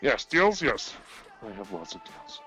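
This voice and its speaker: A man's voice: on the low side, very animated, measured pace, pushed and bright, soft background music. A man co-hosting a casual live stream, joking loosely and laughing often as he presents product deals.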